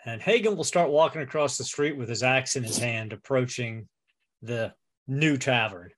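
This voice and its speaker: A man's voice: medium pitch, moderate pace, a bit bright. A man playing a tabletop game over a voice call, easygoing and self-mocking. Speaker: player. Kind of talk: casual tabletop game chat.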